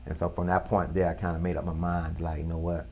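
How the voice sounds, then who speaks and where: Low-voiced man telling his story. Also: little pitch movement, a little mellow, slight background noise. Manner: earnest, slow storytelling with casual slang. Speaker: interview guest. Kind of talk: personal testimony in an interview.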